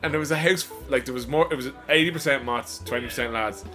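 A man's voice: mid-range voice, fast talker, music in the background. A man bantering on a podcast, cracking jokes and laughing through his own stories. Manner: laughing, joking interjections. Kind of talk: casual banter.

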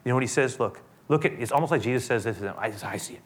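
A man's voice: medium pitch, very fast. Impassioned male preacher. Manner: fervent, swings between loud and hushed. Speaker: pastor. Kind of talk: sermon.

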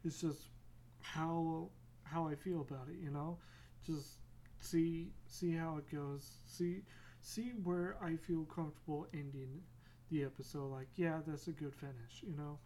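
On her solo podcast, a woman talks in a loose, rambling way, drifting into tangents, swearing freely, and mocking herself. Her low, mellow voice is unhurried with fairly even intonation, and a little hiss or hum can be heard.

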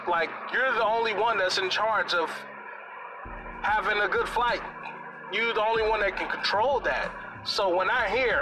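A man telling a comic story in an animated, exaggerated, slangy way, with music playing underneath. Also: high-pitched, moderate pace, noisy background.

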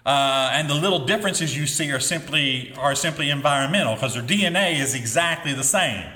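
A man's voice: a little high, brisk, pushed and bright. A middle-aged man preaching a sermon as pastor, with emphatic delivery that rises on key phrases. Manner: emphatic preaching with rising exclamations. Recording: echoey hall with long reverb.

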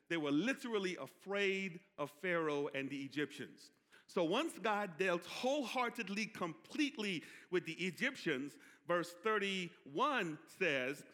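Bright high-voiced man preaching in a hall. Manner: call-and-response with the congregation; builds from quiet teaching to loud preaching. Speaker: pastor. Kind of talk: sermon. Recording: echoey hall.

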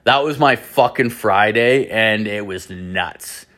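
A man's voice: lowish voice, slow pace, fairly bright tone. A man from Canada hosting a solo podcast, telling a story in a rambling, heavily profane way, full of "like" and restarts. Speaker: podcast host.

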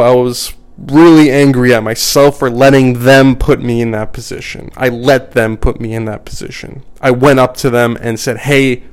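Male podcast host, mid-pitched and smooth, profane, emphatic, repeats himself for effect. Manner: blunt, profane, emphatic with repetition. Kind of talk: solo podcast monologue. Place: at home.

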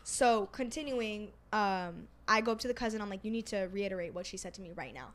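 A woman's voice: mid-range voice, a little fast. A young woman guest on a podcast, telling a story in casual chat and acting out the quoted lines. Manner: animated, acts out quoted dialogue. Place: podcast studio.

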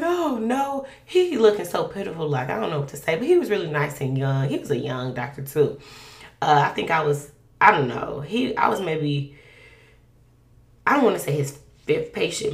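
A woman's voice: low voice, creaky. A young woman casually telling a personal faith story, acting out the dialogue in a raised voice. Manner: animated, acts out quoted dialogue in a raised voice. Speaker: guest sharing a testimony. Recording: echoey room.

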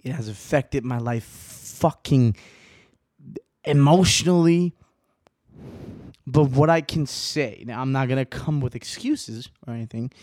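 A man's voice: mid-range voice, measured pace, pauses often, a little mellow, no echo, clean studio sound. Rambling, foul-mouthed young man. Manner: rambling, swears constantly, laughs often; uneven pace, some words stretched. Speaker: podcast host. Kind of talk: casual solo talk.

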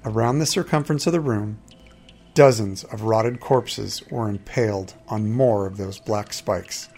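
A man narrating a first-person fantasy story in a steady, measured storytelling manner. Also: fairly low pitch, faint music behind.

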